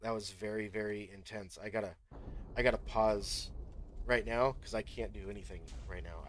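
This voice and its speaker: A man's voice: lowish voice, steady tone, normal speed, a bit bright, slight background noise. A man hosting a gaming channel, talking the viewer through each step as he plays in casual commentary.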